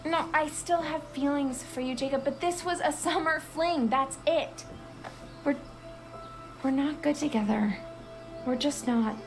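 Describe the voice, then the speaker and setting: A woman's voice: high voice, a little slow, faint music behind. A young woman voicing a blunt, exasperated girl in a video game, firmly ending a summer fling.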